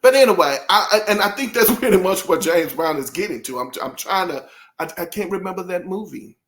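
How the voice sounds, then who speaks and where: A man's voice: high voice, expressive, brisk, a bit bright, slight background noise. A man hosting a casual album review, rambling and interrupting himself, often breaking into laughter and apologizing as he talks straight to his viewers. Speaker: music reviewer host.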